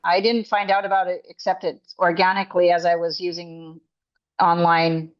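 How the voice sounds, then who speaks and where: A woman's voice: lowish voice, level tone, normal speed, lo-fi sound. A woman coach and author speaking as an interview guest, emphatic and indignant, often restarting her sentences. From Canada.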